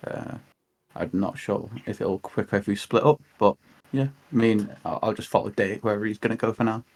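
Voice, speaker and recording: A man's voice: on the low side, a little fast, darkish tone. A man playing a tabletop game, rambling and correcting himself as he goes. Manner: unsure, rambling, self-correcting. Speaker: player.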